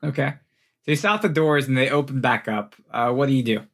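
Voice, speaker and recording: A man's voice: medium pitch, a little fast, fairly bright tone. A young man runs a tabletop game in a loose, casual way. He narrates with plenty of fillers and laughs easily between lines. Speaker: game master.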